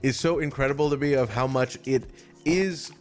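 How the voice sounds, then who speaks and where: A man's voice: mid-range voice, moderate pace. Rambling man in casual film chat. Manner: rambling, animated, many fillers.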